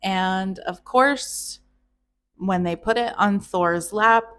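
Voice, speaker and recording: A woman's voice: mid-range voice, slow, a bit bright. A woman hosting a casual, irreverent myth retelling, chatty and joking, with swearing and laughter. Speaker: storyteller host.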